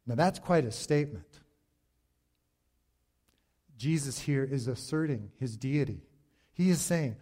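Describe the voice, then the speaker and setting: Slow-speaking male pastor preaching. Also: mid-range voice, lively intonation, warm tone. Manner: slow, deliberate preaching with emphatic pauses. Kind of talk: sermon.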